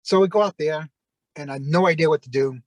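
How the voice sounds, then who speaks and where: A former wrestler as an interview guest, telling long rambling anecdotes with lots of fillers and acted-out quotes. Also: male voice, on the high side, fast, no echo, rough recording. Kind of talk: casual storytelling.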